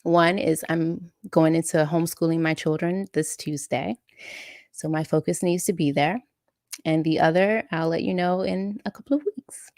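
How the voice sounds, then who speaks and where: A woman's voice: deep voice, fairly even intonation, moderate pace, darkish tone, no echo, clean studio sound. A woman hosting a casual live chat and reading out viewer comments, emotional and laughing often. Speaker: live-stream host and coach.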